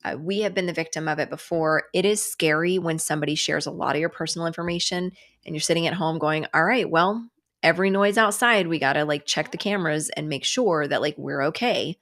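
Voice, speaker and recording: Animated sarcastic woman livestreamer. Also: deep voice, fairly quick. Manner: animated and sarcastic, swears casually. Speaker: livestream host. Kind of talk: casual chat.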